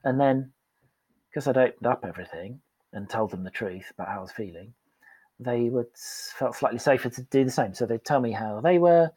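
A man's voice: medium pitch, a little fast, dark tone, slightly rough, no room sound, poor audio. A man telling a candid, self-deprecating story as a guest in a casual podcast interview. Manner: candid and self-deprecating, acts out quoted voices.

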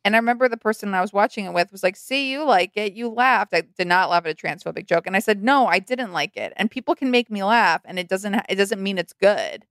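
A woman's voice: mid-range voice, animated, fast talker, few pauses, a bit bright, dry recording, studio quality. A woman co-hosting a podcast, telling wry, exasperated stories in casual chat about movies. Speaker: podcast co-host.

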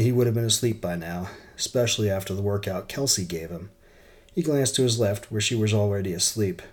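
A man with a low voice reads a story aloud. He keeps a plain, steady storytelling tone. His delivery is straightforward. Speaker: audiobook narrator.

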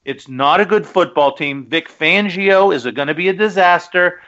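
Bright, emphatic betting guest ranting. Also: male voice, high-pitched, moderate pace, few pauses, lo-fi sound. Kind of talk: casual sports betting talk.

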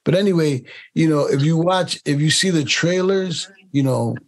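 A man's voice: a little high, normal speed. A man in a casual interview, talking as a casting director. He rambles and repeats words while finding his point, and mimics other people's accents when he tells a story.

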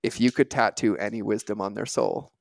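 A man's voice: fairly low pitch, fairly even intonation, fairly quick, vocal fry, dry recording. A man hosting a podcast, chatting casually and energetically with a guest and acting out stories with quoted dialogue. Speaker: podcast host. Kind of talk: casual interview chat.

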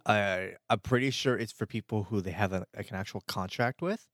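A man's voice: on the low side, a little fast, a bit bright, no echo, clean studio sound. A man hosting a casual podcast, explaining a topic with lots of fillers. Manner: filler-heavy, chatty explaining. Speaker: podcast host. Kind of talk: casual chat.

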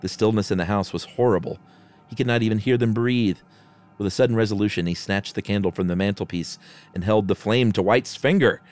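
A man co-hosting a podcast, reading a ghost story aloud in a measured, dramatic way between casual chat. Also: fairly low pitch, a little mellow, faint music behind. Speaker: podcast co-host and reader.

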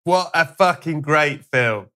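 A man hosting a podcast, asking questions in a relaxed, wry way. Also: fairly high pitch, slow pace. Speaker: podcast host. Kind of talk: casual interview chat.

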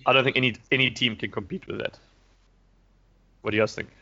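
A man's voice: medium pitch, steady tone, fast, gravelly, bright, forceful tone. Man chatting loosely, lo-fi sound. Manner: rambling, hesitant, frequent restarts and fillers. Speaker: podcast host previewing rugby. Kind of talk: casual chat. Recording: dull lo-fi recording.

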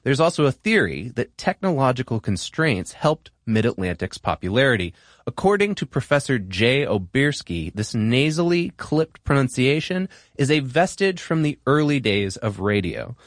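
A man hosts an explainer podcast, talking straight into a close studio mic. His delivery is playful and animated, and the pitch rises and falls a lot. The sound is dry with no room echo. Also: moderate pace. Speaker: podcast host. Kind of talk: scripted narration.

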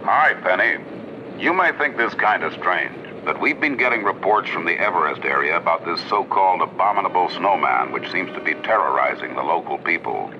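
A deep-voiced commanding father. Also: fairly quick, background noise. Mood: businesslike. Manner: steady, authoritative. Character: commanding middle-aged father, head of a rescue team. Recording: dull vintage TV soundtrack.

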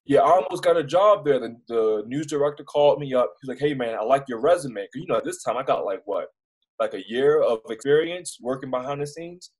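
Young man with a Baltimore accent, husky and mid-pitched, telling stories casually with many restarts. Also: fairly quick, low-quality recording. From Baltimore, United States. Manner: rambling, animated storyteller with many restarts and fillers. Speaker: news reporter, interview guest. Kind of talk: casual storytelling in an interview.

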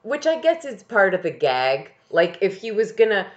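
A woman's voice: mid-range voice, sing-song, moderate pace, lo-fi sound. A woman co-hosting a podcast, chatting casually and giggling, with many fillers as she recaps a TV episode. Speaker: podcast co-host.

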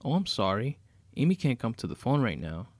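A man's voice: medium pitch, sing-song, a little fast, a little mellow, no echo. A man reading a horror story aloud, voicing a vengeful scheming woman who taunts her captive in a sarcastic, mocking way. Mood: taunting.

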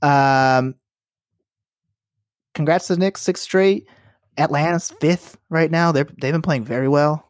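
A young man co-hosting a podcast, talking basketball in a relaxed, agreeable way, full of "like" and "you know". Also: fairly high pitch, a little slow, pauses often, clear, resonant tone, no echo. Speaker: podcast co-host. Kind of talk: casual sports chat.

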